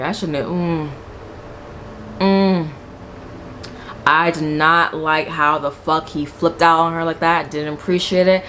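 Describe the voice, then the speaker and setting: A young woman with a low voice talks through a reality show in a casual vlog. She is blunt and swears freely, acting out what the people said. Faint background noise sits under the voice. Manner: animated, blunt and profane, acts out quotes. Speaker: reality TV reviewer.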